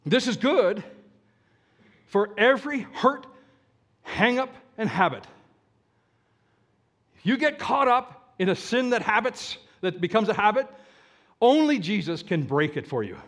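Male pastor, high lively voice, slow deliberate sermon delivery with questions to the audience.

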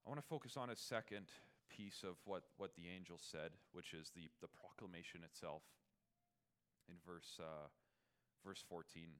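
A man preaching a Christmas sermon, moving from quiet, conversational reflection to loud, ringing proclamation. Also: low-pitched, normal speed, clean tone. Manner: swings from hushed reflection to loud, soaring proclamation; conversational asides, fillers and restarts.

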